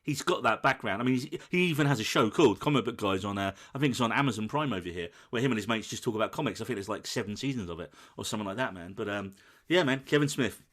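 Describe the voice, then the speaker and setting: A man co-hosting a film podcast, telling a scene with lively, acted-out quotes. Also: on the low side, fast talker. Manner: animated storytelling, acts out quoted lines. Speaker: podcast co-host. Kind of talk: casual film chat.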